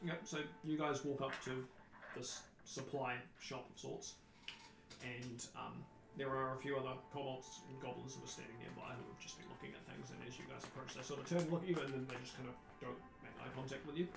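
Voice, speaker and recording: A man from New Zealand narrating as game master, relaxed, with frequent restarts. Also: medium pitch, a little fast, vocal fry, reverberant, over music, rough recording.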